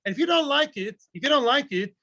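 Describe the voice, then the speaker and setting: Guy teaching talmud, highish voice, jokey, keeps asking the class questions, muffled dry recording. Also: fast, no echo. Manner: lively and joking, with rhetorical questions to the class.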